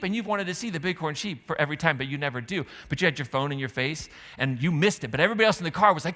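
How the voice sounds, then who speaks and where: Bright-voiced preacher in a reverberant church. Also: male voice, on the high side, very fast, hardly any pauses. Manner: conversational, animated storytelling with asides to the congregation. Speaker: pastor. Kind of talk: sermon. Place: church sanctuary. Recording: long hall reverb.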